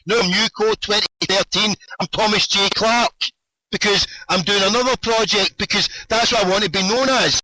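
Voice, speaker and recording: High, bright-voiced Scottish man debating. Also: fairly quick, poor audio. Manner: insistent, keeps interrupting with "hold on"; swearing. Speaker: radio host. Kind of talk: heated debate.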